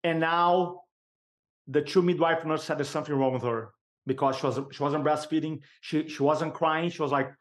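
Animated man telling a story. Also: on the high side. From Brazil. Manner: animated, emphatic storyteller with vivid pauses. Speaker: podcast guest. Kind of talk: personal storytelling.

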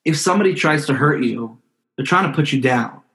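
A man's voice: fairly high pitch, expressive, a little fast, a bit bright. A man speaking as a podcast guest in a casual interview, earnest and heartfelt, often restarting his sentences.

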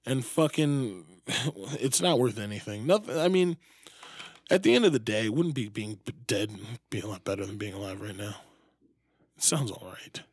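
A man riffing crudely on a casual comedy podcast, rambling and laughing between jokes. His voice sits a little high for a man. The recording is dry and close. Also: animated, normal speed, dry recording. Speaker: podcast co-host.

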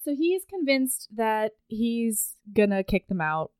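A woman's voice: on the high side, very animated, slow pace, darkish tone, smooth, dry recording. A woman co-hosting a casual book chat, retelling plot points with gushing enthusiasm. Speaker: podcast co-host discussing a book.

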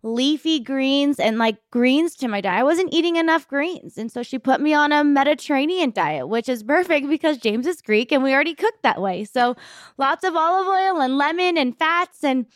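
A woman in her thirties hosting a podcast, talking openly and reflectively about her own life, sometimes rushing and sometimes slowing down. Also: high voice, animated, no room sound, studio quality. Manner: open, reflective, speeds up and slows down. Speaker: podcast host. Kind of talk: candid personal talk.

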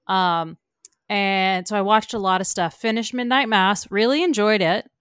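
A woman co-hosts a laid-back pop culture podcast, gushing with quick laughs. Her voice comes through smooth and clear, recorded close and dry with no room sound. Her pitch sits in a mid range. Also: a bit bright, no echo. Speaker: podcast co-host. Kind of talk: casual pop culture chat.

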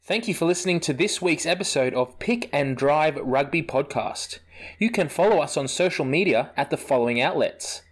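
A man reading a scripted podcast outro in an even announcing manner. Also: on the high side, moderate pace, a little hiss or hum.

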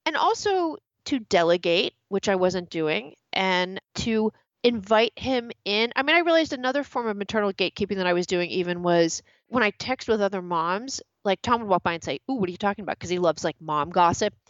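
A woman's voice: medium pitch, animated, moderate pace, dry recording, lo-fi sound. A woman guest in a casual interview who tells stories animatedly and acts out quoted dialogue. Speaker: author guest.

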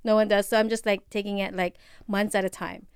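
Smooth-voiced woman in her forties. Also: medium pitch, flat delivery, brisk, no echo, clean studio sound. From Philippines. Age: 40s. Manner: chatty, laughs often, trails off with fillers. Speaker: podcast guest. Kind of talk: casual chat.

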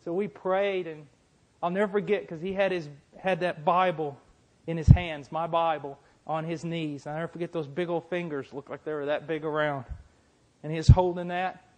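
Middle-aged male preacher, a little high-pitched, emphatic and repetitive, building to fiery sermon delivery. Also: fairly even intonation, moderate pace. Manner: impassioned, rising to shouting fervor. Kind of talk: sermon with storytelling.

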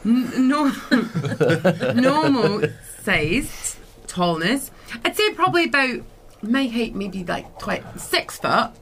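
A woman's voice: a little high, sing-song, slow pace, a bit bright, slight background noise. A woman playing a tabletop game, talking in a giggly, playful way. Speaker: player. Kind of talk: casual tabletop play.

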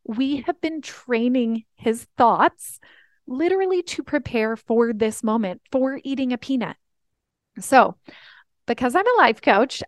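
A woman life coach hosts a podcast, telling family stories in an earnest, teaching manner and reenacting family conversations. Her voice is on the high side, recorded with clean studio sound and no room sound.

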